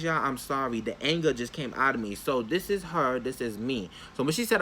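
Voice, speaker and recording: Young guy doing a storytime vlog, voice jumps up and down a lot, slangy and chatty, middle pitch. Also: normal speed, a little hiss or hum. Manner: animated, talks straight to viewers. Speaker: vlogger.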